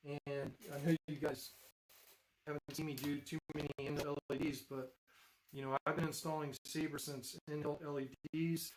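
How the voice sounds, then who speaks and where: A man's voice: on the high side, little pitch movement, normal speed, slight background noise, low-quality recording. A man hosting a live stream, chatting casually and rambling with frequent fillers and restarts as he shows off his builds. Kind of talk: casual live-stream chat while demonstrating.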